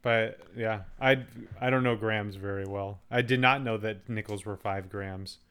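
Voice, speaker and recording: A man's voice: lowish voice, steady tone, a little slow, fairly bright tone, smooth. A man co-hosting a casual podcast, wry and reasoning things out aloud as he talks, with a few restarts. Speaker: podcast co-host. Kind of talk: casual chat.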